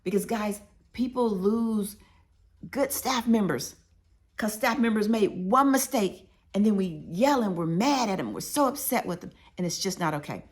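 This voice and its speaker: A woman's voice: mid-range voice, lively intonation, moderate pace. A woman author telling workplace stories in a conversational way, talking straight to her listeners with emphasis. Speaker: author sharing workplace advice. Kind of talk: conversational storytelling audiobook.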